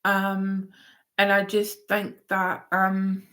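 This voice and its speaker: A woman's voice: medium pitch, completely flat delivery, extremely slow, a bit bright. A woman giving a live-stream tarot reading in a chatty, rambling way, often going off on tangents. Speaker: tarot reader.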